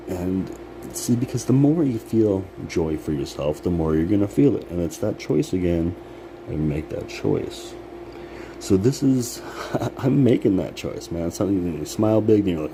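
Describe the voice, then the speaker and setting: A man's voice: sits low, animated, normal speed, warm tone. A man giving a casual, rambling motivational talk, swearing freely and laughing at his own remarks. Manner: rambling, profane, laughs often. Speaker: vlogger. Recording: background noise, air conditioning hum.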